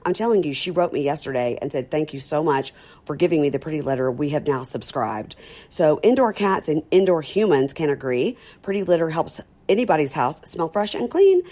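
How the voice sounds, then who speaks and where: A woman's voice: fairly low pitch, a little mellow. A middle-aged woman, hosting a podcast in a chatty, folksy way and reading ads. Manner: chatty, folksy, laughs easily. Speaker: podcast host. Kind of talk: casual chat and host-read ads.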